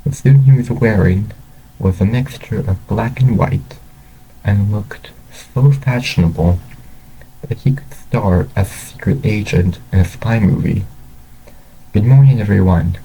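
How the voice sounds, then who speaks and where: A man's voice: lowish voice, unhurried, mellow, a little hiss or hum, rough recording. A man reading a fan story aloud, who stumbles and repeats words as he goes. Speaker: story reader.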